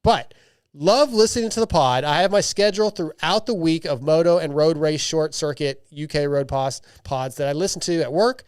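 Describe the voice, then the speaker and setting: A man with a slightly high, smooth voice hosts a podcast, reading out listener emails and joking as he goes. He talks loosely, with frequent restarts and asides, and the recording is close and dry. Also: moderate pace, no room sound. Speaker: podcast host.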